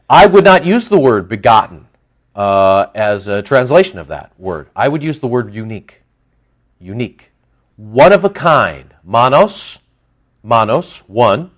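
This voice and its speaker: Animated male preacher, lo-fi sound. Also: medium pitch. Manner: animated preaching with lively emphasis and asides. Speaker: pastor. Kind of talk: sermon.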